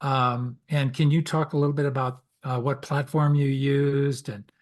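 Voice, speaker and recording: A man's voice: medium pitch, flat delivery, normal speed. A man hosting an interview, asking an author questions and encouraging him. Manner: friendly, encouraging prompts. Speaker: interview host.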